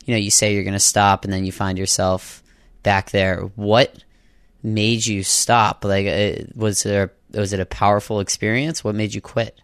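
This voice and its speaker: A man hosting a podcast interview who asks curious, soft-spoken questions. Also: on the low side, level tone, normal speed, clean tone. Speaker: podcast host. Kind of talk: interview and ad read.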